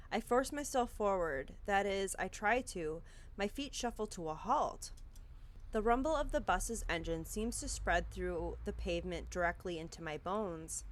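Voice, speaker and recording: A woman's voice: medium pitch, lively intonation, unhurried. A woman playing through a visual novel, reading the narration aloud and reacting anxiously, swearing casually. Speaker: game streamer.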